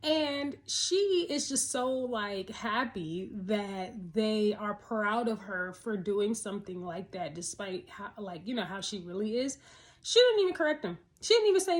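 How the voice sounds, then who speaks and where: A woman chatting through a TV episode recap, animated and talkative, laughing often and firing off rhetorical questions. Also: mid-range voice, unhurried. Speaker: TV episode reviewer. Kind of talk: casual spoken episode recap.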